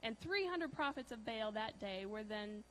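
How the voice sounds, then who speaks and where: A woman preaching a conversational sermon, asking her listeners questions and using many fillers. She swings between loud emphasis and soft, hushed lines. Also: a little high, expressive, normal speed, slight background noise, low-quality recording. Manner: chatty, asks the audience questions, many fillers.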